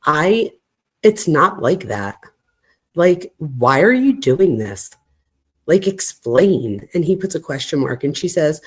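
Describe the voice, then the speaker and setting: Lively woman reading texts aloud. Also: low voice, unhurried, slightly rough. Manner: animated, reacts with gasps and asides. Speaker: true crime channel host. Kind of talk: reading text messages aloud with commentary.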